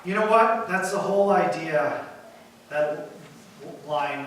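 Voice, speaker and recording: Male pastor, emphatic sermon, fairly high voice, faint room hum behind. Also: slow pace. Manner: emphatic, builds to loud points then drops quiet. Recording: echoey hall from far off.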